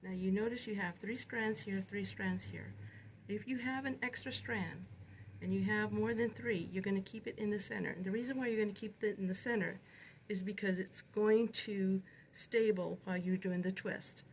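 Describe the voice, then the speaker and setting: Woman, middle pitch, hands-on craft demo, step-by-step instructions, slight background hiss. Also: steady tone, moderate pace, low-quality recording. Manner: step-by-step, repeats "you're gonna". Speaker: knitting instructor.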